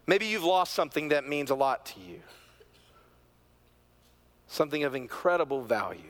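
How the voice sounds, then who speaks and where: A middle-aged male pastor preaching a sermon, telling a family story, moving from hushed, quiet moments to loud, excited peaks. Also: mid-range voice, normal speed, pauses often. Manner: animated storyteller, swings from hushed to near-shouting.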